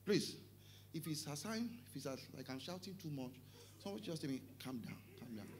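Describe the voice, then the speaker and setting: A middle-aged Nigerian pastor with a Yoruba-tinged English accent, preaching an animated sermon, often shouting, joking and slipping into Yoruba. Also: male voice, on the high side, quick pace, a little hiss or hum.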